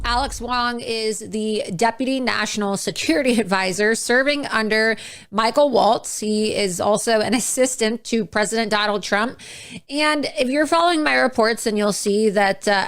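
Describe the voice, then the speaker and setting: Woman, somewhat high voice, sarcastic political commentary, chuckling asides. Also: normal speed, a bit bright, clean tone. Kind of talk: commentary clip.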